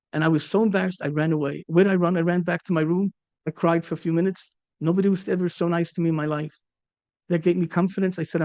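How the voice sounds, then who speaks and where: A man, a rabbi, giving a Torah talk and telling a story, halting and repeating words as he goes. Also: fairly high pitch, darkish tone, no room sound. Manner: halting, repeats words, mixes in Yiddish and Hebrew.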